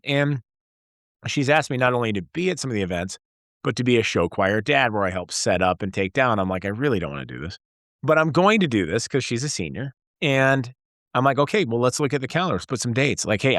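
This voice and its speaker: Male guest in his 40s, low-pitched, dry close sound, animated storyteller. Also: no echo. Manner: energetic storyteller, acts out dialogue. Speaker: guest entrepreneur. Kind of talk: casual interview conversation.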